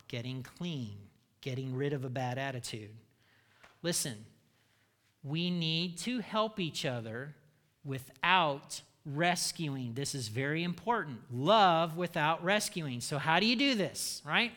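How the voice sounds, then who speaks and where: Male preacher, high and bright, punchy and funny, call-and-response sermon. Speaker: pastor.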